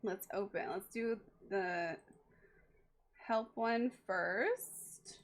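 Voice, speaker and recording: A woman's voice: medium pitch, extremely slow. Brief: young woman game streamer, bubbly, giggly, chats with viewers, easygoing pace. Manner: excitable, laughs a lot, talks to chat. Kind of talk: live game stream commentary.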